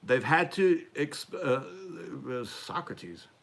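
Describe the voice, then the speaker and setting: Rambling man with a lively voice. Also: fairly high pitch, extremely slow, creaky. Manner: rambling, self-deprecating, frequent restarts and fillers. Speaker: podcast host. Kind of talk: casual live-stream political chat.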